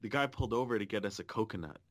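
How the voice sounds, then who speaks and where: A man co-hosting a podcast, casually telling a lively travel story and swearing often. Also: fairly low pitch, very fast. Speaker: podcast co-host.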